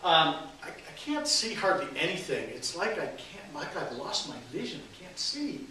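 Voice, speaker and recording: A man voicing a nearsighted male snake who talks in a halting, stammering way, recorded from a distance in an echoey hall with faint hiss. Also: fairly high pitch, sing-song, bright, forceful tone. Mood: fretful.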